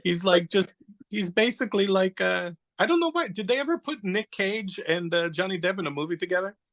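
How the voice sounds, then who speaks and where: A man from New Jersey hosting a casual podcast chat, animated and joking, laughing often. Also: sits high, brisk. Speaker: podcast host. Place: podcast studio.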